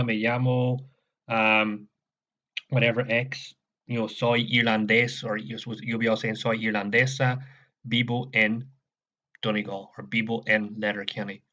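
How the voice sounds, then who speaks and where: A man's voice: medium pitch, bright, forceful tone, highs cut off. A man with an Irish accent teaching a recorded lesson, patiently explaining step by step and often checking in with "okay?".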